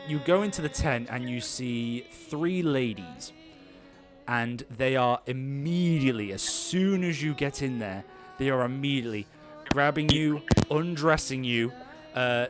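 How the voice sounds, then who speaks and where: A man narrating as game master of an improvised tabletop game, rambling with many restarts. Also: mid-range voice. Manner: rambling, lots of fillers and restarts.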